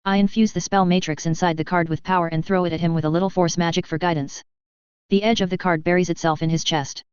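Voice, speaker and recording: A woman reading a fantasy novel aloud in first person, with even, measured storytelling. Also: on the low side, clean tone, no echo. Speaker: audiobook narrator. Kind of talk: scripted first-person narration. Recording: slightly dull, dry audio.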